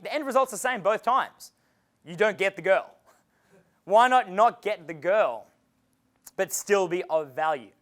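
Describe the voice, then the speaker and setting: High-voiced Australian man giving a seminar. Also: moderate pace. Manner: animated, acts out dialogues, swears freely. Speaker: dating coach giving a seminar. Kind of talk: live seminar talk. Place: seminar room with an audience.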